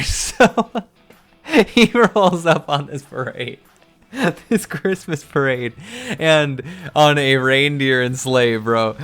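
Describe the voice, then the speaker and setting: A man's voice: mid-range voice, a bit bright, clean tone. A man hosting a casual, amused comic book recap with loose fillers.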